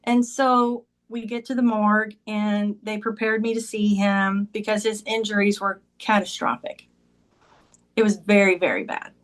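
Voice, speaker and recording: As a podcast guest, a woman tells a personal story conversationally, often saying "like" and "he goes." Her voice is medium-pitched with flat delivery at a normal speed.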